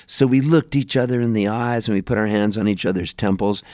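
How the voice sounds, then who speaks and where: A man from Southern California, a touring musician, telling animated stories on a radio show and acting out his friends' voices. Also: lowish voice, fairly quick, few pauses, no echo, studio quality. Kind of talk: casual storytelling chat. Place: radio studio.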